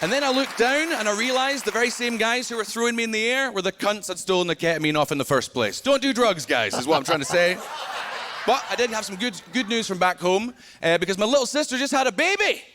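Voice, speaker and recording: Scottish man, young, stand-up; high-pitched, loud, storytelling; live-audience stage mic with noisy laughter. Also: lively intonation, quick pace, a crowd in the background. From Scotland. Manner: loud, punchy storytelling, often laughing along. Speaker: stand-up comedian. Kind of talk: stand-up comedy set. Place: large theater stage before a live audience.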